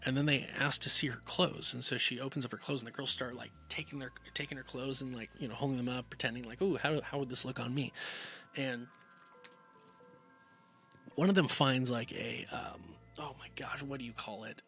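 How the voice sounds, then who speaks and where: Casual male film-review podcaster, gravelly and bright-toned, rambling plot recap. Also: medium pitch, steady tone, a little fast, faint music behind. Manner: rambling, filler-heavy retelling with acted-out quotes.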